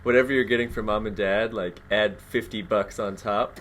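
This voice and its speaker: A man's voice: on the low side, steady tone, normal speed, fairly bright tone, slight background noise. A man co-hosting a podcast in casual chat, laid-back and swearing freely. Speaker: podcast co-host.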